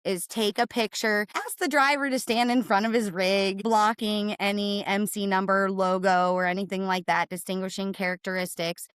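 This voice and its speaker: A woman explaining to a podcast host, brisk and emphatic, often tagging points with "right?". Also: medium pitch, fairly even intonation, smooth, no room sound. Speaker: cargo claims and risk manager, guest.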